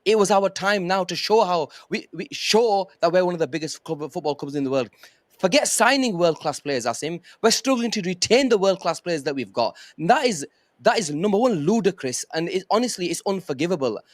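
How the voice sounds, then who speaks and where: Fired-up fan panelist, high voice, dry close sound, emphatic and swearing. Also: male voice, animated, brisk, no echo. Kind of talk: heated podcast rant.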